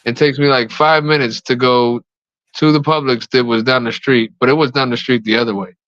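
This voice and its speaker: A man's voice: medium pitch, steady tone, a little fast, fairly bright tone, no room sound. Man, casual podcast co-host, rambling storyteller, swears, slightly dull dry mic.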